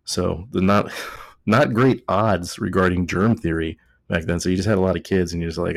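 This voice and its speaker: Deep-voiced man joking through history. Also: steady tone, brisk, no room sound. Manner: joking, rambling, tipsy. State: a little drunk. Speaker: podcast host. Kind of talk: casual history podcast chat.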